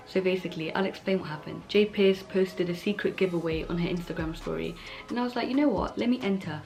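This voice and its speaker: Gushing young woman beauty vlogger. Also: lowish voice. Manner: gushing, excitable. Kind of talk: casual chat.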